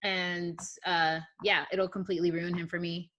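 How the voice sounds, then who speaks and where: A woman from Jamaica co-hosting a wrestling podcast in casual chat, frank and measured in her opinions. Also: fairly low pitch, little pitch movement, fairly bright tone, lo-fi sound, slight background noise. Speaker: podcast co-host.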